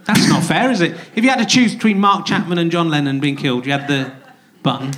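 A man's voice: a little high, fast, a bit bright. A man hosting a live comedy podcast on a theatre stage, trading wry, sardonic jokes. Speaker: podcast host. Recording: live theatre with audience noise.

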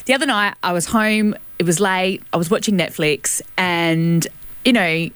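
A woman's voice: fairly low pitch, normal speed, a bit bright, clear, resonant tone, dry recording. A woman co-hosting community radio, telling a story in a chatty way and laughing often. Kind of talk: casual storytelling chat. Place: radio studio.

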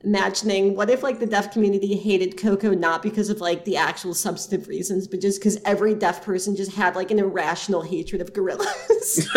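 A woman's voice: mid-range voice, fairly even intonation, a little fast, few pauses, a little mellow. Sex: woman. Role: podcast co-host. Style: casual comedic chat. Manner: rambling, full of fillers. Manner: rambling, lots of fillers and riffing.

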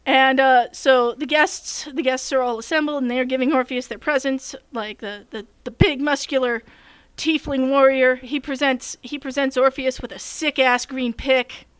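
A woman's voice: high voice, fairly even intonation, moderate pace, smooth, dry recording. A woman who runs tabletop games, telling a long story in casual chat, full of fillers and restarts. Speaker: game master telling a story.

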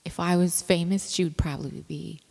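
A woman's voice: on the low side, fairly even intonation, a little fast, vocal fry, darkish tone, in a large hall. A woman rambling casually about her home brewing, with lots of fillers and restarts. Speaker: home brewer. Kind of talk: casual vlog chat.

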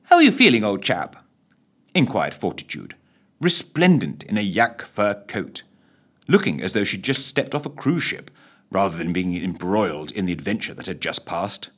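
Expressive male storyteller. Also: deep voice, moderate pace, slightly rough. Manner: expressive, theatrical. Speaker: narrator. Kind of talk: theatrical bedtime story narration.

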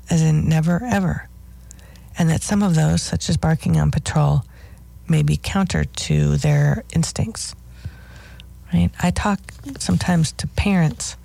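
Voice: medium pitch, vocal fry, mellow, no room sound. A dog trainer hosting a radio show, giving wry, opinionated commentary with dry asides. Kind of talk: scripted talk radio commentary.

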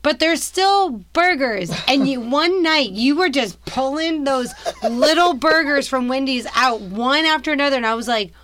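A woman co-hosting a casual podcast, chatty and quick to laugh, full of "like" fillers. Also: high voice, lively intonation, fairly bright tone. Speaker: podcast co-host. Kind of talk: casual chat.

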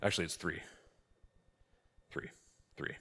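A man, a priest, teaching a conversational church class, lively and full of rhetorical questions. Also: unhurried. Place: church hall. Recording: long hall reverb.

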